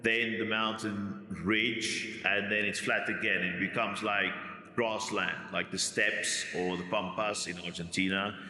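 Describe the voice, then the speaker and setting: A man in his forties speaks with a rough Afrikaans accent from the East Rand. His voice is low yet bright and forceful, and he rambles through long asides. The room rings with a long, echoing reverb. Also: level tone, a little slow. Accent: Afrikaans South African, East Rand. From South Africa. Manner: rambling, many restarts and asides. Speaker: YouTube commentator. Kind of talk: reading a script, then rambling casual monologue.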